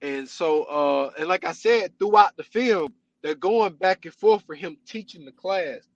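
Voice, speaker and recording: A male podcast host tells a story in loose, animated chat, peppering it with "you know what I'm saying". His voice runs fairly high, and the close mic gives it a dry, deadened sound. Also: a little slow, no room sound, lo-fi sound. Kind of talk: casual chat.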